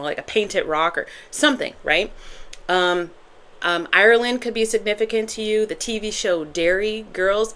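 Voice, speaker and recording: A woman's voice: on the low side, a bit bright. A woman giving a casual, chatty tarot reading to her viewers, rambling with self-corrections and bursts of laughter. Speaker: tarot reader.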